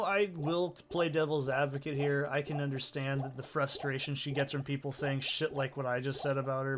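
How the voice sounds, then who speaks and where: A man rambles through casual gameplay commentary, swearing freely and jumping between thoughts. His voice sits a little high for a man. A light hum of background noise runs under the recording. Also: fairly bright tone. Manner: rambling, profane, chatty. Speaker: let's play host.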